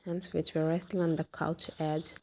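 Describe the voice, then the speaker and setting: A woman narrating a fan fiction story in a soft, even storytelling manner. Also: deep voice, normal speed, slight background noise.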